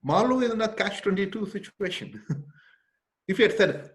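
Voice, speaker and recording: A man's voice: sits high, animated, moderate pace. Emphatic man giving a literature lecture. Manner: checks in with a frequent "okay?", asks rhetorical questions; emphatic, with some hesitant restarts.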